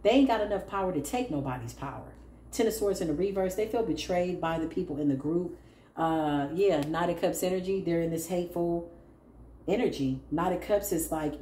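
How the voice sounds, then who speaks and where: Sassy tarot lady with a lowish voice, blunt, echoey room w faint hiss. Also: a little fast, warm tone. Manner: sassy, blunt, laughing, calls listeners "child". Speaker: tarot reader. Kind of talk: casual tarot reading to viewers.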